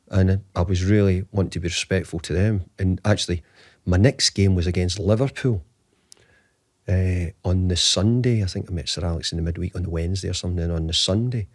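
A man's voice: low voice, darkish tone, no echo, studio quality. A man in his fifties, a guest telling a long anecdote in an interview, rambling with frequent restarts. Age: 50s. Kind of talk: storytelling interview answer.

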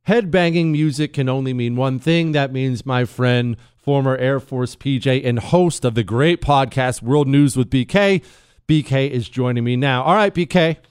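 A man hosting an opinion talk show, sarcastic and emphatic, jumping between mock excitement and flat scorn. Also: medium pitch, smooth, no room sound, clean studio sound.

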